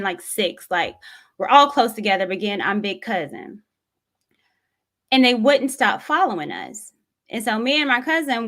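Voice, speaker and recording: A woman's voice: medium pitch, fairly bright tone. Woman, vlogger, earnest and reflective, mid-range voice, personal storytelling. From Tennessee, USA.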